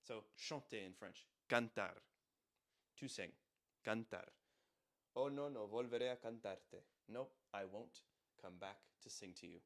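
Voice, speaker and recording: A man's voice: on the low side, a little slow. A man teaching a language through song lyrics, breaking each line down patiently and often checking in with "right?".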